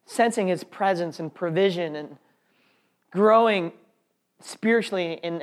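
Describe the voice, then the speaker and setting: A man telling an audience his personal faith testimony in an earnest, heartfelt way. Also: sits high. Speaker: speaker sharing a testimony.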